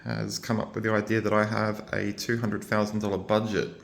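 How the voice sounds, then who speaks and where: Australian man, low-pitched, rambling and frustrated personal vlog, roomy echo with faint ambience behind. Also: monotone, moderate pace, vocal fry, noisy background. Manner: rambling, frustrated, emotional, swears. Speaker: vlogger. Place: at home, indoors.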